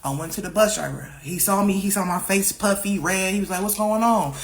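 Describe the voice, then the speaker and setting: A woman's voice: mid-range voice, brisk. A woman telling a personal story in a casual, slang-heavy, profane way. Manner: acts out other people's lines in raised voices.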